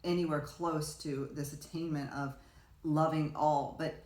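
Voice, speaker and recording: A low-pitched woman chats on a podcast, rambling and restarting as she tells her stories. She acts out what people said. The room gives her voice a roomy echo. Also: fairly even intonation, unhurried, darkish tone. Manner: rambling storyteller, many restarts, acts out quotes. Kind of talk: casual conversation.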